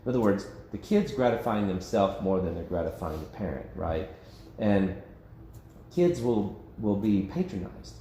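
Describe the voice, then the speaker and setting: Pastor, male, low voice, chatty Bible-study teaching, echoey room. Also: lively intonation, normal speed, mellow, a little hiss or hum. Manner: conversational, self-interrupting, laughs often. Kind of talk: informal Bible study discussion. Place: church meeting room.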